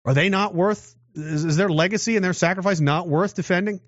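This Canadian man has a high voice and a brisk pace as he rambles through political commentary, full of restarts and rhetorical questions. The sound is dull, dry, and lo-fi, with no echo.

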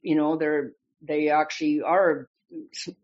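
A speaker in a casual online conversation, chatty and quick to laugh. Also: medium pitch, fairly even intonation. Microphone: video call. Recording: dull lo-fi call audio.

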